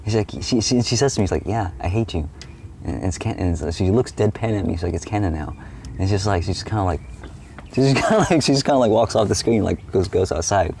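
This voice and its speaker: A man's voice: lowish voice, quick pace, gravelly, a little mellow, a little hiss or hum. A young man rambling casually as he recounts a dream, full of "like", restarts and swearing. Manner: rambling, heavy use of "like", frequent swearing and restarts. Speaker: streamer.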